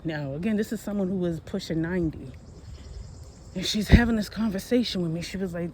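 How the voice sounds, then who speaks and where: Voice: mid-range voice, a little fast. A person in their forties chatting casually while out walking on a hot day, rambling and correcting themselves as they talk about history. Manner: rambling, conversational, self-correcting. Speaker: history vlogger. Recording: noisy outdoor phone recording.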